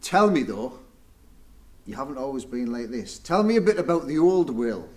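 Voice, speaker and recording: A man's voice: mid-range voice, very animated, moderate pace, darkish tone. A man hosting a business interview, teasing his guest. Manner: playful, teasing. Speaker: podcast host. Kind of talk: casual interview chat.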